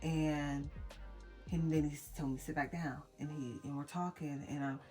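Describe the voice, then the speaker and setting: A young woman vlogging to camera, telling an emotional personal story in a halting way with many restarts. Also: deep voice, steady tone, mellow, faint music behind. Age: young adult. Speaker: mom vlogger.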